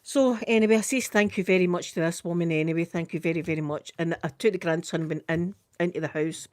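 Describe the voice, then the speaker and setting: A woman's voice: on the low side, steady tone, fast talker, darkish tone, no echo, studio quality. A middle-aged woman with a Scottish accent telling a long story to her live stream in a chatty, tumbling way, full of local idiom. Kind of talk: casual storytelling chat.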